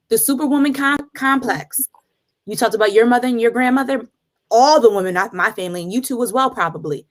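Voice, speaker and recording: A woman in her thirties, a guest therapist, telling earnest stories about parenting in a casual chat. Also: fairly high pitch. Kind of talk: casual conversational interview.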